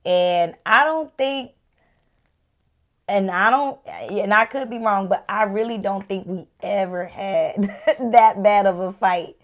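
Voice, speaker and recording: A woman's voice: medium pitch, slow pace. A woman in her thirties shares a painful chapter of her marriage on a podcast she co-hosts. She talks candidly and emotionally. At the tender moments her voice falls almost to a whisper. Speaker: podcast co-host. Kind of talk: candid personal storytelling.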